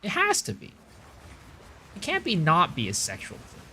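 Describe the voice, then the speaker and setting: A man's voice: high-pitched, huge pitch swings, normal speed, sharp tone, a little hiss or hum. A man live-streaming a game, rambling casually to his chat with lots of profanity and filler words. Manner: chats to viewers in the stream chat.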